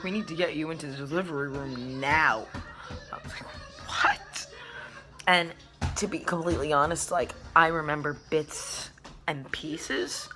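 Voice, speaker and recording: A young woman with a low voice tells a personal story on her vlog. She talks casually, acts out what people said and swears freely. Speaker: vlogger.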